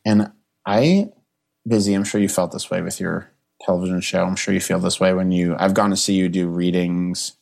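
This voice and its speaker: Low-voiced man, halting and earnest. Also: fairly even intonation, vocal fry, darkish tone. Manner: halting, full of restarts and fillers; earnest and emotional. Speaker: comedian guest. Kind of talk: casual podcast chat.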